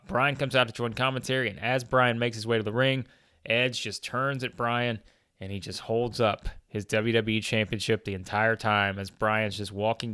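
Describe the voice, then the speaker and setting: A man's voice: lowish voice, bright, forceful tone, clear, resonant tone, no echo, clean studio sound. Chatty man narrating a wrestling game. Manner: chatty, with frequent fillers and chuckles. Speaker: gaming video host. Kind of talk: casual narration of a wrestling sim playthrough.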